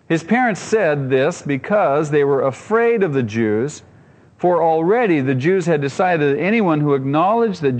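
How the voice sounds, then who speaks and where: A man preaching a sermon in an earnest, emphatic way, and his voice sits a little higher than most men's. He keeps circling back over his own phrases to drive a point home. A long reverb trails behind him, as in a church hall. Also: darkish tone. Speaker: pastor.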